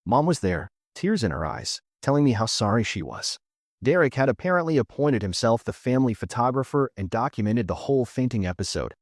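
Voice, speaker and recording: A man's voice: medium pitch, very animated, a little fast, no room sound, clean studio sound. A man narrating a reddit story in a sarcastic, wry tone as a scripted voice-over.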